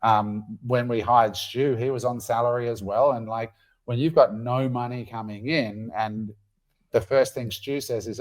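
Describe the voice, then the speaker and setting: Animated man, casual podcast. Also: mid-range voice, a little slow. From Australia. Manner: animated, swears freely, acts out quotes. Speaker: podcast co-host.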